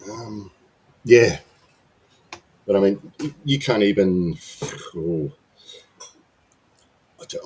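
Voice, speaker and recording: A man's voice: deep voice, warm tone, breathy edge. A man chatting casually, rambling and often restarting his sentences. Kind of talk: casual chat.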